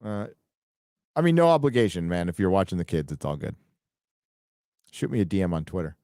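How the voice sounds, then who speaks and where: A middle-aged man hosting a casual late-night livestream, rambling, swearing and excitedly reading viewer donations aloud. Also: sits low, fairly quick, dry recording, clean studio sound. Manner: rambling, profane, excitable, reads donor messages aloud. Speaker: livestream host reading super chats.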